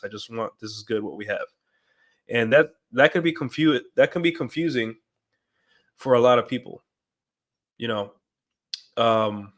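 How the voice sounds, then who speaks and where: A man streaming alone, talking in a rambling casual monologue with many fillers and quick acted-out quotes. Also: medium pitch, a bit bright.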